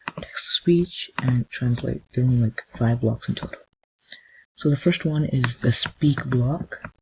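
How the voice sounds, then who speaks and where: A man's voice: medium pitch, steady tone, measured pace, mellow, slightly rough, poor audio. A man hosting a casual screen-recorded coding tutorial. He thinks aloud while clicking and often restarts his sentences.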